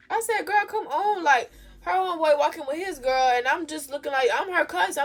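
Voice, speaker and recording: Here a young female vlogger recounts a story casually, full of sass and animation, her volume lurching from loud outbursts down to low mumbles.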